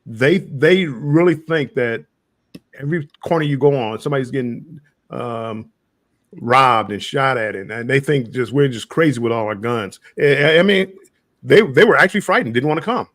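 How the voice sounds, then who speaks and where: A man's voice: mid-range voice, animated, fairly bright tone, no echo, studio quality. An American man telling travel stories in a casual livestream chat, often repeating his words as he starts. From United States. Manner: halting, repeats words, chuckling storyteller. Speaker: guest.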